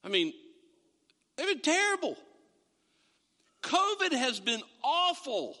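A man preaching a sermon in a church, in a conversational, animated storytelling way. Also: very high-pitched, takes it slowly. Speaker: pastor. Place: church sanctuary. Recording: long reverb of a large hall.

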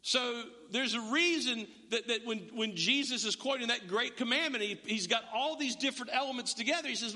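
A man preaches with a high, bright and forceful voice that swings widely in pitch. He talks conversationally and acts out back-and-forth dialogues. His voice rings with the long reverb of a church sanctuary. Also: expressive, normal speed. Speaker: pastor. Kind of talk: sermon.

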